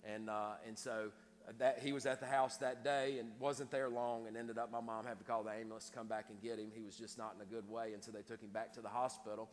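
A man's voice: fairly low pitch, little pitch movement, fast talker. A man telling a personal story in a sermon, repeating and restarting his words often. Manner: repetitive, stammering restarts. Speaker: preacher. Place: church sanctuary. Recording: reverberant hall with faint noise.

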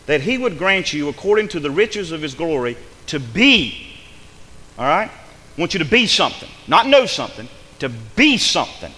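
A man preaching a sermon in a church with emphatic delivery, swinging between hushed passages and loud, fervent ones. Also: fairly high pitch, big pitch swings, normal speed, long reverb tail.

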